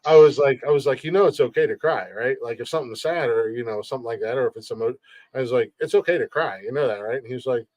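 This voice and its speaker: A man's voice: mid-range voice, quick pace, darkish tone, no room sound. A man hosting a podcast in casual chat, who often stammers, repeats words and laughs while he talks. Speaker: podcast host.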